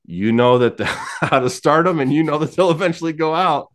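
A man's voice: fairly high pitch, a little fast. A man in his late thirties telling his faith story candidly, laughing often and acting out the people in his story. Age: 30s. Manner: candid, laughs often, animated quoted voices. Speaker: podcast guest. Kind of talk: casual testimony storytelling.

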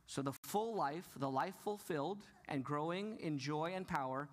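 A man's voice: on the high side, fairly bright tone. A middle-aged male pastor giving a sermon, earnest, often putting questions to the congregation and answering them himself.

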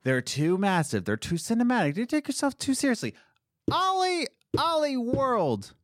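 A young man co-hosting a casual podcast about video games, talking in an excited, rambling way. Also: moderate pace, no room sound, studio quality. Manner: excited, rambling, jumps between high and low pitch. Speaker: podcast co-host.

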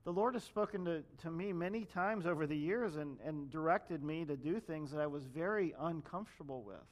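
A man's voice: a little high, moderate pace. A man preaching a sermon in a conversational way, addressing the congregation directly and acting out the people in the story. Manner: conversational preaching, acts out quoted voices. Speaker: pastor.

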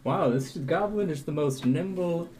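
An earnest adventurer, played by a man at a game table, speaking slowly and sincerely. Guitar music sits clearly behind him. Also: fairly high pitch, a little mellow, voice pushed up, natural voice. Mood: flattering. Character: earnest adventurer praising a goblin.

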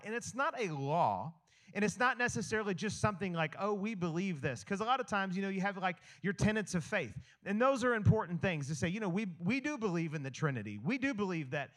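A man's voice: high-pitched, fairly bright tone. A pastor preaching to his church congregation on a handheld microphone, in a loose, conversational way full of fillers and restarts, with playful asides. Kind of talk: sermon. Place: church hall with a live congregation.

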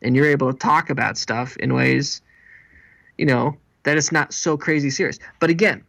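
A pastor and marriage seminar speaker, an animated storyteller who acts out the people he quotes. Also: medium pitch, normal speed, gravelly. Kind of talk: interview guest.

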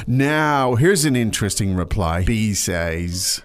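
A man's voice: on the low side, lively intonation, slow pace. A man hosting a language lesson podcast in a chatty, joking way with many fillers. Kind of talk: casual language lesson chat.

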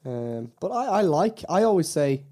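A man's voice: fairly high pitch, sing-song, normal speed, dark tone. A man co-hosting a podcast in casual chat, rambling and quoting lines with frequent laughs. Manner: rambling, chatty, quotes lines and laughs often. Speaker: podcast co-host.

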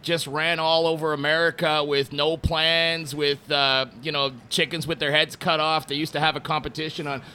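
A man from Montreal chats easily in an interview, his voice bright and forceful and sitting a little high for a man. He rambles through stories with plenty of ums and uhs. A faint hum of ambience sits behind him. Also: normal speed, hardly any pauses. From Montreal, Canada. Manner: relaxed storytelling with many fillers. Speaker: distillery brand representative. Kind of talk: casual interview talk.

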